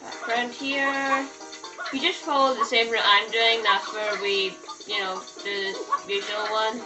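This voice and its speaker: A woman's voice: on the high side, flat delivery, measured pace, low-quality recording. A woman giving casual, rambling walkthrough commentary while playing a video game. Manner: chatty, rambling walkthrough tips. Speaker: let's play gamer. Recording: game music playing behind the voice. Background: video game music.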